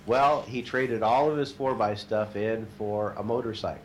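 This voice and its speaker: A man telling a long, funny anecdote in casual chat, shouting out the quoted lines with gusto. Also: on the low side, moderate pace, slight background noise. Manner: animated storyteller, shouts quoted lines, laughs at own stories.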